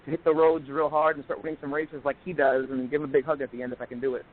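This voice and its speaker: A man in his forties, a guest in a casual chat, telling stories with animated delivery and acting out quoted voices. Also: a little high, rapid-fire. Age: 40s. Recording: tinny phone line.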